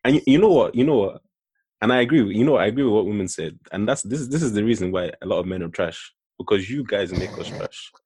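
A man's voice: lowish voice, expressive, fast talker, a little mellow, breathy edge. A young man on a casual podcast who rants and restarts his sentences often. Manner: stammering restarts, ranting. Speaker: podcast co-host. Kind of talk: casual chat.

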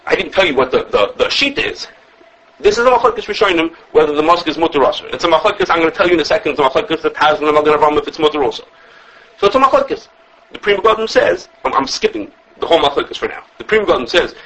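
A man teaching an informal religious law class, talking fast with lots of restarts and acting out the sources he quotes. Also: high-pitched, a bit bright, husky, highs cut off. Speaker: Torah teacher.

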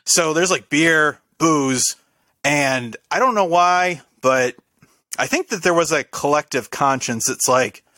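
A man's voice: on the high side, takes it slowly, pushed and bright, no echo. A young man telling a rambling story in casual conversation, often ending his sentences with "right?".

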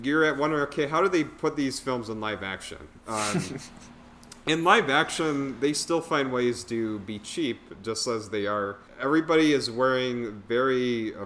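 Here a man with a medium, slightly bright voice talks through a bad film on a podcast. It's a casual, rambling chat full of filler words, and he keeps laughing at his own jokes.

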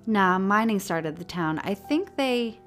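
A woman's voice: mid-range voice, animated, a little slow, soft background music, voice pushed up, close to an everyday voice. A bossy, impatient boy, as a woman reader puts him on brushes off his little brother. His talk is brash and dismissive, with a slightly changed timbre from the reader's own voice.

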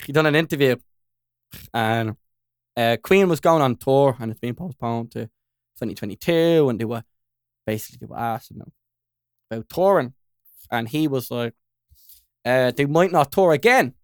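Smooth-voiced man rambling. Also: mid-range voice, expressive, moderate pace, pauses often, dry recording, clean studio sound. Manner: rambling, peppered with "you know what I mean". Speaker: podcast co-host. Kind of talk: casual chat.

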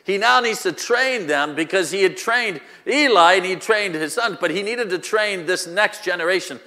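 A man's voice: high-pitched, moderate pace, sharp tone, long reverb tail. A male pastor preaching a sermon, using rhetorical questions and repetition, recorded in a church.

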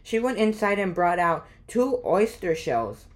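Slow-reading woman storyteller. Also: fairly low pitch, sing-song. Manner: slow, clear storybook narration. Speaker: guest reader. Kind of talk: children's book read-aloud.

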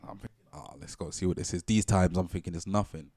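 A young man tells a rambling story on a podcast, full of slang and restarts. His voice sits fairly low, close and dry with little room sound, and he talks with lively energy. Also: quick pace, no room sound. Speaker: podcast co-host. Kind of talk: casual storytelling chat.

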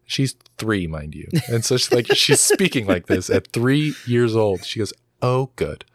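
A young man with a very low voice tells stories in a loose, animated way, full of fillers and swearing. The recording is close and dry, with no room sound. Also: moderate pace, dry recording. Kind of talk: casual chat.

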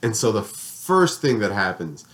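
A man's voice: fairly low pitch, sing-song, unhurried, a bit bright. A young man on a podcast, telling a long party story with lots of swearing and fillers. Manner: rambling, profane, filler-heavy storytelling. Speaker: podcast co-host. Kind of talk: casual storytelling chat.

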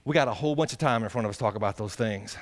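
A middle-aged pastor preaching a sermon in a folksy way, asking the congregation questions, swinging between excited high passages and low quiet asides. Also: male voice, very fast.

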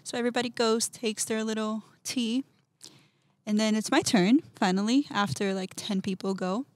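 A woman, a podcast guest, telling a personal story in an animated way, acting out quotes and laughing often. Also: on the high side, normal speed, no room sound.

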